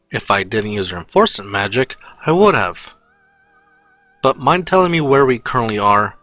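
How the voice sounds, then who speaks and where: A man's voice: pushed and bright, dry recording, dull audio. A brooding teenage hero speaks curtly and coldly, pushing others away, as a man voices him. The delivery is guarded and annoyed, in a fan story reading. Dry sound, faint music. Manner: curt, annoyed, low and guarded. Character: cold, brooding teenage boy hero, abrasive.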